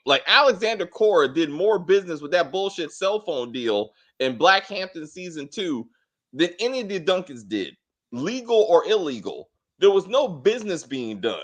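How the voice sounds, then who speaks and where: A man with a high voice that swoops up and down as he reviews a TV episode in casual chat. He talks bluntly and animatedly, cursing and tripping over restarts as his thoughts race ahead. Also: sing-song, moderate pace. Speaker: TV show reviewer, co-host.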